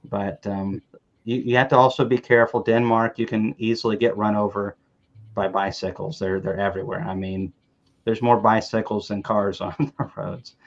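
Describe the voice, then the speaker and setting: A man's voice: fairly low pitch, fairly even intonation, normal speed, dull audio. A man from the American South telling rambling, joking stories in a casual chat, often restarting his words.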